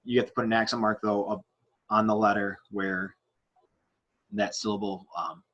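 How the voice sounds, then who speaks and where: Lower-voiced man teaching at a board. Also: flat delivery, normal speed, fairly bright tone, dull audio. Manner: explains step by step, with many fillers and restarts; writes on a board while talking. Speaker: Spanish teacher. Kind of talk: whiteboard grammar lesson.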